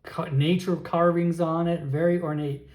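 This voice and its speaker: A man narrating a solo tabletop game, thinking aloud with frequent pauses and restarts. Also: a little high, level tone, darkish tone, roomy sound.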